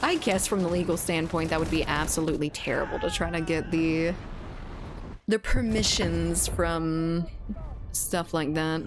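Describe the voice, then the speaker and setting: A woman's voice: low-pitched, fairly even intonation, unhurried, background noise. A woman streamer chatting casually with viewers while gaming, laughing often and swearing freely.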